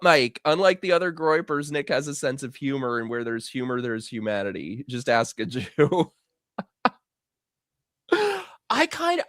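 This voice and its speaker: Young man, livestream host, giggling through a story, lively swings, dry room. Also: a little high, no room sound. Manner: storytelling, breaking into giggly laughter. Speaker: show host. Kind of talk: casual livestream chat.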